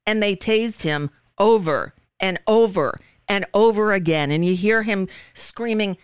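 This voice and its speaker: A woman's voice: medium pitch, lively intonation, a little slow, hardly any pauses, clean tone, dry recording, studio quality. A woman hosting a political talk radio show, telling a story with indignant passion.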